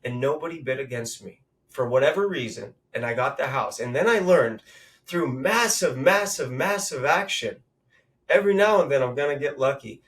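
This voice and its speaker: A man's voice: mid-range voice, expressive, normal speed, a bit bright, recorded from a distance. A man in his thirties from Southern California, a podcast guest telling motivational stories in an emphatic, punchy way. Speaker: guest, real estate investor. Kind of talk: conversational storytelling.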